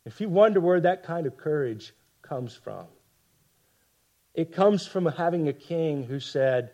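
A man preaching a sermon with passion, dropping to hushed lines for emphasis and tossing rhetorical asides to the congregation. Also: on the high side, animated, unhurried. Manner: impassioned, swings from loud emphasis to hushed lines. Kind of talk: expository sermon.

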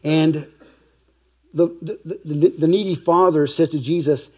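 A pastor delivers his sermon in an earnest, heartfelt way, leaning hard on key phrases and now and then dropping almost to a whisper. His voice sits a little high for a man. Its tone is soft and mellow rather than bright. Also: steady tone, husky. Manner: earnest preaching, slow emphatic stresses, softening to a hush at times.

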